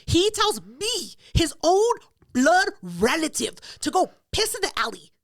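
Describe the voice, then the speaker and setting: A woman co-hosting a podcast, telling a story in a casual, loud and profane way, acting out everyone's lines. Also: very high voice, measured pace, vocal fry, no room sound, clean studio sound. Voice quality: loud, profane, animated retelling with acted-out quotes. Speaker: podcast co-host.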